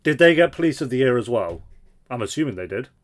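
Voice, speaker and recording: Animated man reacting to a show. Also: mid-range voice, fast talker. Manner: animated, swearing, exasperated. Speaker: reaction video host. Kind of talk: casual reaction commentary.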